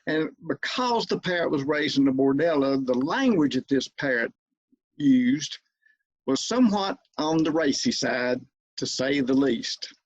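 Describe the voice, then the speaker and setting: A man's voice: medium pitch, expressive, unhurried, breathy edge, no room sound, dull audio. A man telling a humorous anecdote in a folksy storytelling manner over a video call. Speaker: club speaker.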